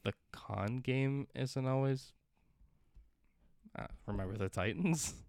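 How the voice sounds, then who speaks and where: A man's voice: medium pitch, slow, vocal fry, darkish tone, smooth, dry recording, clean studio sound. A young man co-hosting a podcast, chatting casually and hesitating with lots of fillers. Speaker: podcast co-host. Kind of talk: casual chat.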